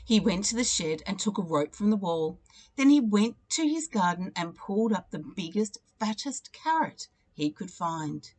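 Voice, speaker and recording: A teacher reading a children's picture book aloud, telling the story expressively and leaning into its repeated refrains. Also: female voice, mid-range voice, expressive, measured pace.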